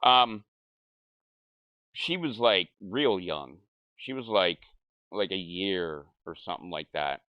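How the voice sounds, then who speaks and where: A man's voice: low-pitched, lively intonation, slow, long pauses, dry recording, lo-fi sound. A young man casually telling a rambling, profane story over gameplay, laughing and mimicking the people he quotes.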